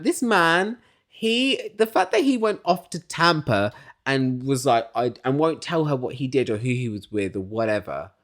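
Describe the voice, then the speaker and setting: A man recapping a reality show in casual commentary, opinionated and swearing, mimicking cast members and dropping from loud outbursts to quiet asides. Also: mid-range voice, normal speed. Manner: swings between loud excited bursts and quiet asides.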